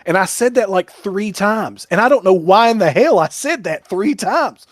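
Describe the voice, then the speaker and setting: A man's voice: sits high, sing-song, brisk, few pauses, no room sound, clean studio sound. Rambling Kentucky man telling a story. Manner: rambling anecdotes, self-mocking. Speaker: guest. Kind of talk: casual podcast chat.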